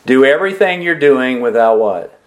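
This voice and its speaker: A pastor preaching a sermon, asking the congregation questions and repeating their answers back. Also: male voice, mid-range voice, moderate pace. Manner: emphatic preaching with lively rises and drops.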